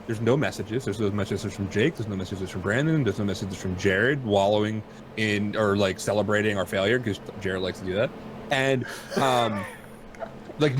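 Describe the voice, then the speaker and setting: A man's voice: mid-range voice, slight background noise. A man hosting a podcast from home, telling a rambling, self-deprecating story in casual chat. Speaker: podcast host.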